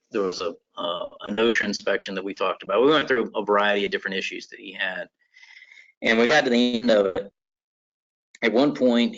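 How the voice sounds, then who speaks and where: A man's voice: on the low side, a bit bright. An American man, a construction lawyer, telling a personal story to a seminar audience in an earnest, conversational way with frequent restarts. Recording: dull lo-fi recording.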